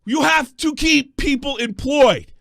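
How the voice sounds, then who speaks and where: A male call-in show host yelling and swearing at callers in a combative, profane rant. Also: very high voice, measured pace, creaky, no echo, studio quality.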